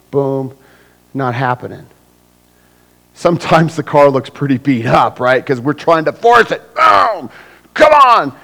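A male pastor delivering an animated sermon. He swings between big, almost shouted bursts when he acts things out and quiet, low-voiced stretches when he gets serious. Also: low-quality recording. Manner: animated, acts out scenes with sudden loud bursts; drops to a hushed low voice for serious points.

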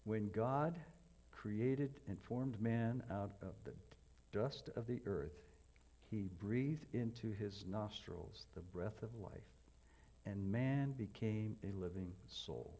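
A man preaching a folksy sermon, swinging from loud emphatic questions to hushed, near-whispered lines. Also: lowish voice, slow pace. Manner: folksy, repetitive, addresses congregation as folks.

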